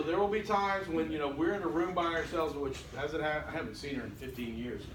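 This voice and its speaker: Heard from a distance in a reverberant classroom, a man with a slightly high voice teaches a college lecture. There's background noise, and he peppers the class with dry, joking asides to his students.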